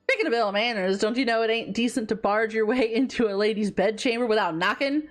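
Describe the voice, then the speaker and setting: A woman voicing a brash, rude female bandit leader from a video game, half-attempting a rough accent. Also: fairly high pitch, brisk, lightly acted. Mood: mocking. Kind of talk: reading game dialogue aloud on a stream.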